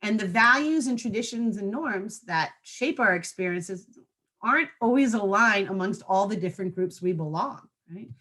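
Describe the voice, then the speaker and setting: A woman's voice: medium pitch, lively intonation, moderate pace, pushed and bright. A woman trainer giving a training presentation to school staff in a conversational way, often checking in with her listeners through short tag questions.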